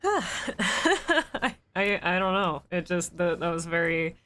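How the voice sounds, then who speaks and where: A woman's voice: fairly low pitch, level tone, moderate pace, a bit bright, clear, resonant tone. A woman streaming a game live, talking through her thoughts in a rambling, reflective way, full of fillers and restarts. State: emotional and weepy. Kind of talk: live-stream gameplay commentary.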